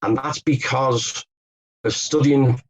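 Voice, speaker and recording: Slow and steady in tone, this medium-pitched man is recorded with the highs cut off and a little hiss or hum. An English author and Beatles expert, he gives podcast interview answers as explanatory stories, including fillers and restarts.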